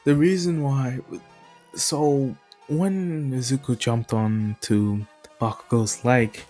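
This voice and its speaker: Male storyteller, unhurried, rambling, sighs and restarts, faint music bed. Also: medium pitch, fairly even intonation, darkish tone. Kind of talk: casual retelling of a fan story.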